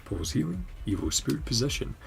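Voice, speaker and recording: A man's voice: mid-range voice, very animated, fairly quick, vocal fry, faint music behind. A man giving playful, casual reaction commentary on a game, laughing often.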